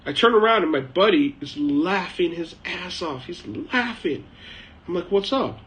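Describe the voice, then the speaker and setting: The rough recording catches a middle-aged man's high-pitched, somewhat bright voice, lively in intonation but a little slow. He hosts a live chat stream from his home shed in China, rambling through a casual story with frequent "uh" and "um."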